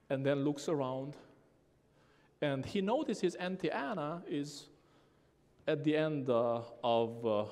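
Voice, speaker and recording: A man's voice: fairly high pitch, a little mellow. A man preaching a sermon as pastor, telling a story animatedly and acting out the voices of a child and his mother. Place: church sanctuary. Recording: long church reverb.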